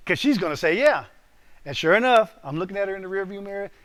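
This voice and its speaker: A male pastor delivers a sermon in an animated storytelling style, with a voice pitched a little above the usual man's. He keeps turning to the listeners to quiz them. He leans hard on his key points. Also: quick pace. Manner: emphatic, punches key lines. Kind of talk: sermon to a live group.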